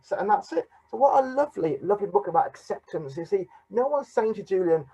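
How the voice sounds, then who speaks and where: A man with an English accent, a teacher giving a presentation over a video call, reading picture books aloud in an animated way with many fillers. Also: high-pitched, fast talker, vocal fry, hardly any pauses, breathy edge, dull audio. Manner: animated storyteller with many "you know" and "uh" fillers.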